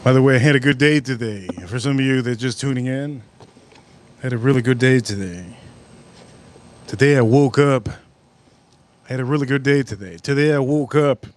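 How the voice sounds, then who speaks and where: A man hosting a casual livestream, rambling and excitable, repeating himself as he chats. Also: medium pitch, moderate pace, pauses often. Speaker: livestream host.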